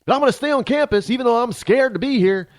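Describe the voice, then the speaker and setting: A man's voice: extremely high pitch, fast, pitched above the performer's own voice. A man voicing a whiny, frightened young male college student who complains in a self-pitying way.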